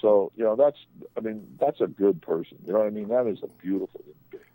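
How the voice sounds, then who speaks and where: A man's voice: fairly low pitch, fast talker, dark tone, dry recording, poor audio. An older man, a sports agent, telling rambling anecdotes on a radio talk show, often restarting his sentences.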